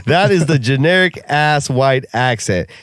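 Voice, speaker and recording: A man's voice: medium pitch, measured pace, dry recording, clean studio sound. Profane ranting podcast co-host man. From Russia. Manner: profane, animated ranting with frequent laughs. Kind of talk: casual chat.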